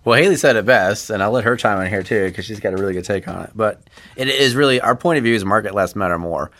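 A man's voice: on the low side, quick pace, fairly bright tone. A man, a podcast guest from an agency who speaks in an earnest, encouraging way. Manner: earnest, encouraging, talks in restarts. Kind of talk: casual podcast interview.

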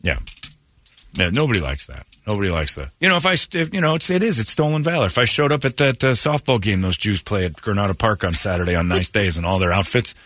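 Animated man ranting on morning radio. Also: fairly low pitch, fast. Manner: animated, sarcastic ranting storyteller. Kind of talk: casual radio banter.

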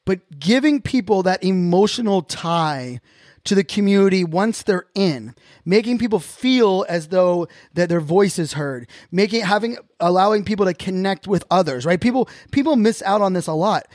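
A man with a notably high voice delivers a casual podcast monologue. He speaks earnestly and reflectively, often restarting his sentences as he thinks aloud. The sound is dry and close, with no room echo. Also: expressive, moderate pace, darkish tone. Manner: earnest, openly reflective, talks in loose restarts. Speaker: podcast host.

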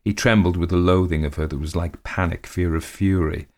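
A man narrating a period ghost story in a measured, dramatic way. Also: low voice, steady tone, a little mellow.

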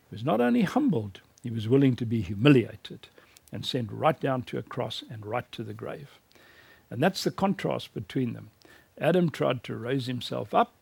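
A man's voice: medium pitch, vocal fry, a little mellow, husky, no room sound. A man from Africa, giving a recorded teaching lecture in an earnest, emphatic preaching cadence. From South Africa.

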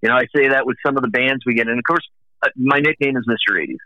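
A man's voice: mid-range voice, rapid-fire, pushed and bright, dry recording. A middle-aged man in casual conversation about the music business, telling long rambling anecdotes. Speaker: music industry guest. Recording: dull dry lo-fi recording.

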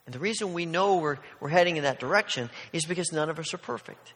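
High-voiced preacher in a reverberant hall. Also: male voice, animated, fast talker, hardly any pauses, a bit bright. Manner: earnest, emphatic, often restarts and repeats words. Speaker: pastor. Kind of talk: sermon.

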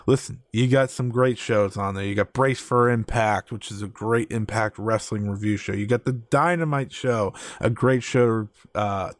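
A man's voice: medium pitch, dry recording, clean studio sound. A man hosting a solo podcast, talking with eager, opinionated enthusiasm and lots of ums and uhs. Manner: enthusiastic, opinionated, many fillers. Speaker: podcast host. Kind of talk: solo wrestling podcast talk.

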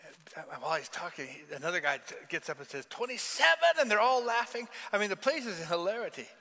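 Lively bright-voiced male preacher, hall reverb. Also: on the high side, quick pace. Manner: lively preacher, call and response, chuckles. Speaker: pastor. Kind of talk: sermon with a told joke. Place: large church hall.

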